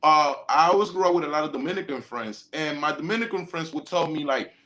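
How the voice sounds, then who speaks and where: A man of Colombian background talks in a loose, rambling way and keeps restarting his sentences. His voice sits high and sounds bright and forward. He speaks as a guest on a casual podcast. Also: fast.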